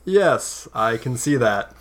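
A man's voice: mid-range voice, big pitch swings, takes it slowly, a bit bright. A man voicing a guarded adult male swordsman who answers in short, dry lines. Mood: terse.

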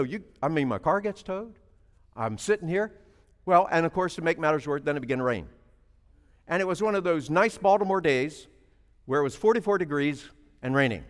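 A man preaching a sermon, telling a story and then building to loud, emphatic preaching. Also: on the high side, in a large hall.

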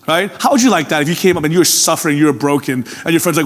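Male pastor, sermon, earnest, emphatic then hushed, higher voice, long hall reverb. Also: fast. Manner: earnest, swings from emphatic to hushed, repeats "can I tell you".

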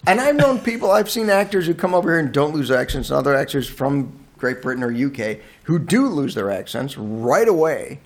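Animated joking male podcast host. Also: fairly high pitch. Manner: animated, joking, quick to interrupt. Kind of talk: casual chat.

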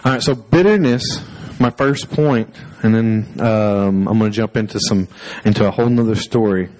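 A man's voice: lowish voice, normal speed, darkish tone, low-quality recording. A male pastor preaching a sermon through personal stories, conversational and self-deprecating, with fillers and restarts.

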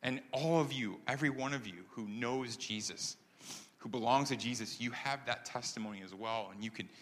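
A man's voice: mid-range voice, moderate pace, a bit bright. A man from upstate New York preaching a testimony sermon, earnest and conversational, with many ums, building to emphatic points. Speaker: pastor. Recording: long hall reverb.

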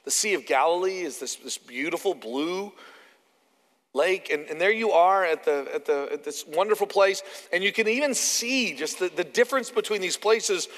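Canadian preacher, light voice, echoing hall. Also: male voice, high voice, normal speed. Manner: conversational, animated, acts out quotes. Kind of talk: sermon. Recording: long hall reverb.

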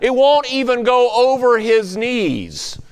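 Man doing an excited announcer, high, teasing, exclaiming, clear, reverberant. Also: takes it slowly, exaggerated voice. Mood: teasing alarm. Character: excited male tennis announcer.

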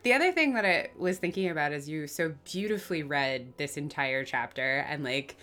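A woman's voice: sits low, lively intonation, normal speed, fairly bright tone, soft background music. A woman co-hosting a podcast, discussing a book in a wry, conversational way. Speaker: podcast co-host. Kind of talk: casual discussion.

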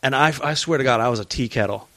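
A man, a touring stand-up comic, telling stories in casual podcast chat, profane and animated, acting out the people he quotes. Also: mid-range voice, quick pace, dry recording. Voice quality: profane, animated storyteller who acts out quotes. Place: hotel room.

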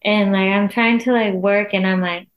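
A pregnant young woman chatting casually as a podcast guest, telling lively stories and laughing often. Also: medium pitch, moderate pace, muffled recording. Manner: laughs often, animated storytelling with acted quotes. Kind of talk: casual chat.

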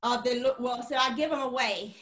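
A woman co-hosting a podcast, chatting casually and animatedly with quick restarts. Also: a little high, fairly bright tone, roomy sound. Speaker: podcast co-host. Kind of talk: casual chat.

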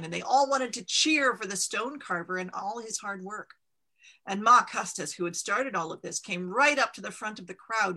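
A woman reading a storybook aloud in a lively, expressive way. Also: medium pitch.

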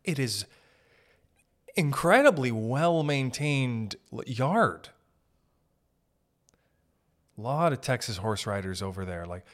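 A man's voice: mid-range voice, expressive, slow, long pauses, a bit bright. A young man hosting a podcast, rambling through a comedic monologue, interrupting himself often and swearing casually. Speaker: podcast host.

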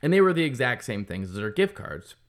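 A man talking straight to the listener in a casual venting monologue, his voice sitting at an ordinary middle pitch. He swears freely and tells the story with heated frustration. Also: sing-song, brisk. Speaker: business owner opening a kart track.

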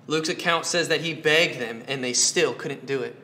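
A man's voice: mid-range voice, normal speed, bright, forceful tone, slight background noise. A man preaching a sermon, earnest, asking his listeners question after question and repeating phrases for emphasis. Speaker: pastor.

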